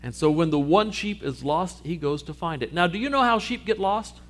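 A man preaching a sermon, telling a parable with lively storytelling and acting out the characters' lines. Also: on the high side, moderate pace. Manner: animated storytelling, acting out sheep and Jesus. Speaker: pastor.

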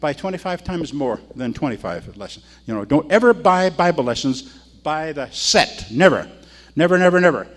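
Older male pastor, animated sermon. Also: a little high, moderate pace. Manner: animated storytelling, repeats phrases for emphasis.

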